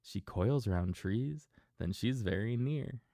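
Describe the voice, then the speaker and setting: A kind, eager butterfly, as a man reading a bedtime story puts it on, coaxing in sing-song rhyme. The voice stays low and gravelly, unhurried, and it is recorded close and dry. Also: animated, dark tone, no echo.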